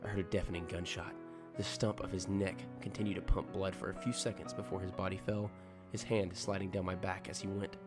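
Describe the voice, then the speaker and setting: A man's voice: deep voice, little pitch movement, fairly quick, hardly any pauses. A man reading a horror story aloud as a scripted narration, tense and dramatic. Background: music.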